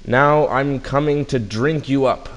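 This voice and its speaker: A menacing mechanical gorilla, as a male reader puts him on roars out his threats in a raised, loud voice. He is a storybook bridge monster, slow and hulking in his delivery. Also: medium pitch, lo-fi sound, voice pushed up, close to an everyday voice. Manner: roaring and threatening.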